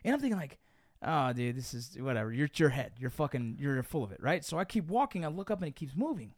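A man's voice: medium pitch, fast, no echo, clean studio sound. A young man telling a story in a casual podcast chat, swearing often and calling the listener dude and bro. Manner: profane, animated, says dude and bro.

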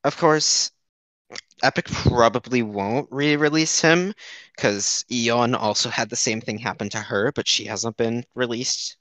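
A man's voice: mid-range voice, a little slow, fairly bright tone, dry recording. A young man co-hosting a casual gaming podcast, rambling with lots of "um" and restarts. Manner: rambling, many fillers and restarts. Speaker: podcast co-host.

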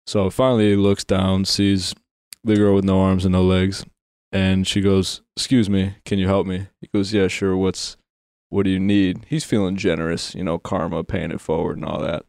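A man's voice: low voice, flat delivery, moderate pace, vocal fry, darkish tone, clean tone, no room sound, studio quality. A man on a tabletop game podcast, telling a long crude joke in a loose, rambling way. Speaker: player. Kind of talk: casual podcast chat.

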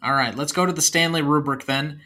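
A man with a fairly high, bright, forward voice co-hosts a casual film podcast. He chats through the episode and reads lines from the movie aloud with a touch of performance. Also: brisk. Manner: reads movie quotes aloud in a lightly acted voice. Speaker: podcast co-host.

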